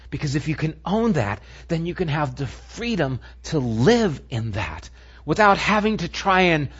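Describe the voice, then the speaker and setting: A male pastor preaching a sermon, moving between animated emphasis and hushed, near-whispered lines. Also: a little high, a little slow, breathy edge, lo-fi sound.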